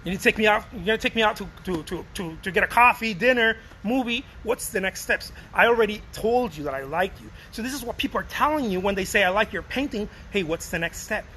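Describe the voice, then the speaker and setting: A man giving a casual, energetic talk to fellow artists about selling, often calling listeners "baby" and acting out short dialogues. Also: high-pitched, fast talker, few pauses, a little hiss or hum, poor audio. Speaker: artist coaching other artists on sales.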